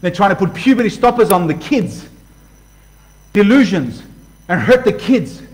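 High-voiced man preaching. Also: sing-song, moderate pace, rough recording. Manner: passionate, swings from loud to hushed; acts out voices for illustration. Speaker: pastor. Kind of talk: sermon.

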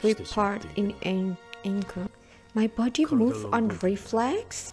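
Excitable Indonesian woman reacting to anime. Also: fairly high pitch, moderate pace, over music. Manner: excitable, switches between English and Indonesian, gasps and cheers. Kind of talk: live reaction commentary.

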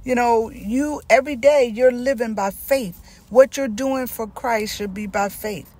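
A woman's voice: on the high side, measured pace, dark tone. A middle-aged woman with a Southern US accent, giving an informal sermon with emphatic repetition. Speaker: Christian teacher.

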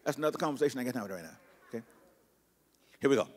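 A man preaching a sermon as pastor, teaching slowly and repeating phrases for emphasis, then dropping into soft, low asides. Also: lively intonation, breathy edge. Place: church sanctuary.

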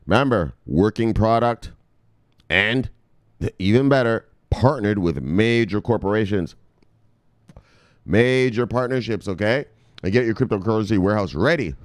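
A man's voice: fairly low pitch, animated, a little slow, no echo, clean studio sound. Fired-up, foul-mouthed man hyping his viewers. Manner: profane, fired-up, keeps shouting "bang". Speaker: crypto video host. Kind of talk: hyped pep-talk vlog.

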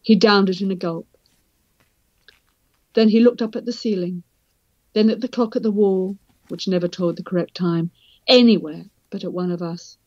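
A woman from Britain, an author and psychiatrist, reading from her book in a measured, reflective way. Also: medium pitch, fairly even intonation, a little mellow, no room sound. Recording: dull, slightly lo-fi sound.

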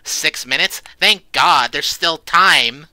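A man's voice: a little high, slow pace, sharp tone, no room sound. A man commentating a horror game, jumpy, swearing often and shrieking when startled. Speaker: let's play creator.

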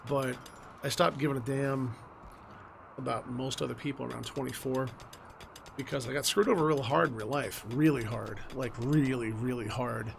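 A man's voice: medium pitch, creaky, slight background noise. A man in his forties giving casual let's-play commentary, blunt and rambling, swearing freely. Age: 40s. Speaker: gaming YouTuber.

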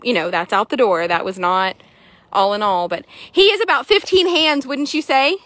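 A woman, chatting excitably to viewers while showing a horse for sale in an arena. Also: on the high side, moderate pace. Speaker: horse seller. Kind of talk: casual sales chat while riding.

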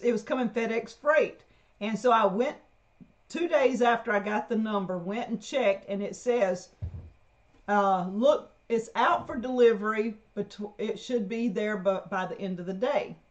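A woman's voice: on the high side, measured pace. A woman telling stories on a homestead livestream in a chatty way, laughing often. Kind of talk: casual live chat. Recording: dull lo-fi livestream audio.

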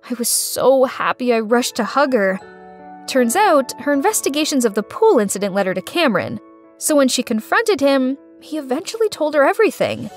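Earnest woman narrating a story. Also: a little high. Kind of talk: animated story narration in first person.

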